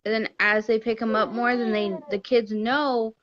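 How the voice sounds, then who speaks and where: A woman's voice: a little high, level tone, moderate pace, lo-fi sound. A woman, a mother hosting a casual livestream from her home at night, chatting while she gets distracted and talks to her toddler. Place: home living room at night.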